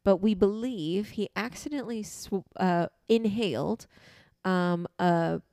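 Woman co-host with some vocal fry, animated, dry close sound. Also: medium pitch, measured pace, no echo. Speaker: podcast co-host. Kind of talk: casual comedic chat.

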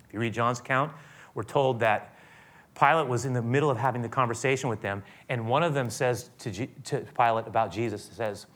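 A man preaching a sermon, retelling a scripture scene with animated, acted-out quotes. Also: mid-range voice, fairly quick. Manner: animated retelling, acts out quoted voices loudly. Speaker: pastor.

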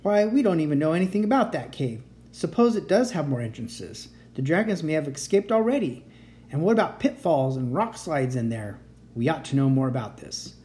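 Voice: medium pitch, lively intonation, moderate pace, warm tone, close to an everyday voice. A storyteller voicing a cautious grown man who argues with doubtful, reasoned objections. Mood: skeptical.

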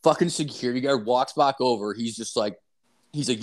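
A man's voice: medium pitch, fairly quick. A man co-hosting a casual podcast, telling a rambling, profane story full of "like" fillers.

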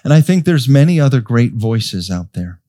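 A man preaching a sermon as pastor of a church, slow and emphatic, rising to strong peaks as he calls out to his congregation. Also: mid-range voice, big pitch swings. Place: church sanctuary. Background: soft piano.

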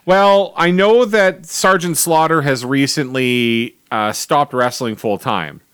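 A man's voice: medium pitch, slow pace, fairly bright tone, clean tone, no room sound, studio quality. A man co-hosting a podcast, chatting casually through his notes on old wrestling shows, with lots of fillers and restarts. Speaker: podcast co-host.

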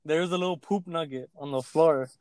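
A man's voice: on the high side, fairly quick, dry recording. A young man in casual chat, telling a work story with acted-out quotes and plenty of swearing. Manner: animated storytelling, acts out quotes, swears freely.

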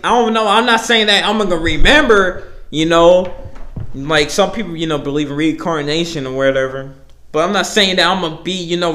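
A young man talks alone on his podcast in a rambling, profane rant full of fillers. His voice sits a little high for a man and jumps between loud, heated bursts and low mutters. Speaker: podcast host. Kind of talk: casual solo rant.

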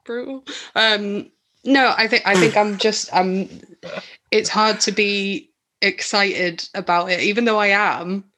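A young woman, co-hosting a casual chat podcast, animated and quick to laugh. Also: medium pitch, slight background noise. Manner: chatty, animated, laughs often, trails off mid-sentence. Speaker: podcast co-host.

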